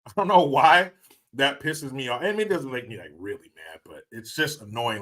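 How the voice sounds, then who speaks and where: A middle-aged man with a bright, forward voice hosts a casual live stream. He chats loosely with viewers, cracks jokes, laughs often and swears freely. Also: medium pitch, expressive, moderate pace. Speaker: livestream host.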